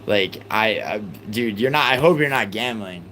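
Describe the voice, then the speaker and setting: A young man hosting a livestream, arguing heatedly with his chat, exasperated and swearing in rapid outbursts. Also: on the low side, animated, pushed and bright, a little hiss or hum, low-quality recording. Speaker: livestream host.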